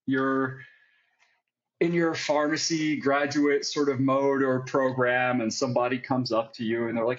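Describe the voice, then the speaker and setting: Speaking at normal speed in a level, mid-range voice, a psychiatric pharmacist from the United States reflects candidly on his own story in an interview, sprinkling in "like" and "right?". The audio is dull.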